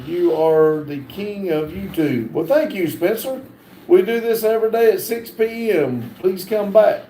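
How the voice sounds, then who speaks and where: A man's voice: high-pitched, mellow, echoey room, a little hiss or hum, rough recording. A man hosting a casual livestream, reading viewer comments aloud with many fillers. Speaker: livestream host reading chat. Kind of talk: casual live chat.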